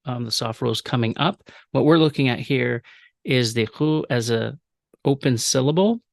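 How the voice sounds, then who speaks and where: A man teaching a recorded language lecture, explaining rules with fillers and repeating example words slowly. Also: medium pitch, gravelly, no echo, clean studio sound. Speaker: professor.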